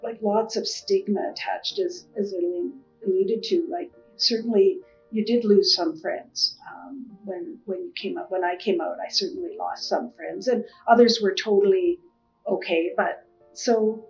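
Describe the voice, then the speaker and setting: A middle-aged woman recalling the past in an oral history interview, thoughtful and halting. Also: mid-range voice, creaky. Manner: thoughtful, halting, many fillers. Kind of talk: personal storytelling. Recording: muffled lo-fi audio with soft music.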